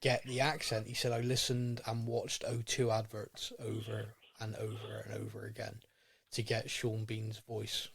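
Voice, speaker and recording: A man's voice: lowish voice, completely flat delivery, normal speed, gravelly, breathy edge. A man co-hosting a podcast, chatting in a casual, rambling and enthusiastic way. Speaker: podcast co-host. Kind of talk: casual chat.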